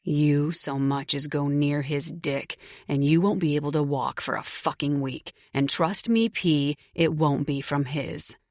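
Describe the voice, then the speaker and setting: Lady doing a cold threatening guy in a romance audiobook, low and slow, dry sound. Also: steady tone, darkish tone, no echo. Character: menacing possessive young man, hard and cold.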